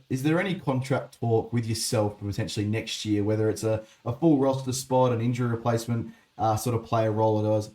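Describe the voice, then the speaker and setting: A man's voice: mid-range voice, mellow. A man hosting a sports interview, chatty and friendly, calling his guest "mate". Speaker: podcast host, interviewer.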